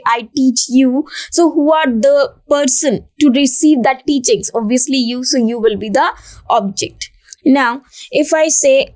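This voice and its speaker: Woman, teacher, grammar lesson, slightly high-pitched, repetitive step-by-step explaining. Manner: explains step by step, repeating key points. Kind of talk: grammar lesson for exam students.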